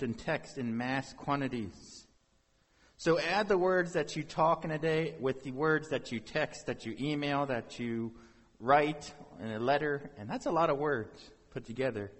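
Male pastor, unhurried sermon delivery, slightly husky, long hall reverb. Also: on the high side. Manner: conversational preaching with rhetorical questions.

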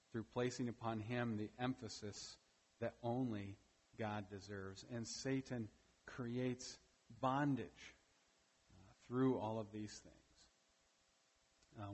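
A man's voice: fairly low pitch, darkish tone. Emphatic male pastor in reverberant church. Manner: emphatic preaching with frequent "right?" tag questions. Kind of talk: sermon. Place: church during a morning service.

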